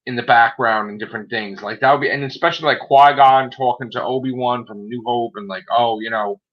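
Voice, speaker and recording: A man's voice: mid-range voice, steady tone, brisk, highs cut off. A man chatting casually, rambling with many "like" fillers. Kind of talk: casual chat.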